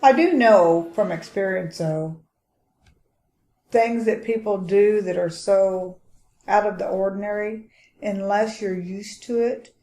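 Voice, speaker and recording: A woman co-hosting a true crime podcast, adding measured remarks in casual chat. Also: mid-range voice, warm tone. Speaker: podcast co-host. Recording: roomy, off-mic.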